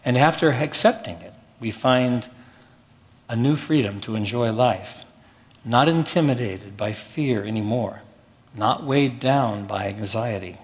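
A man preaching a sermon as pastor, measured, with slow emphatic pauses. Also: on the low side, big-room sound. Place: church.

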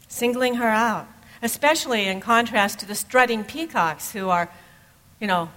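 A woman pastor preaching a sermon, telling stories in an easy, conversational way at a middle pitch. Her voice carries a long reverb from a church sanctuary. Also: a bit bright.

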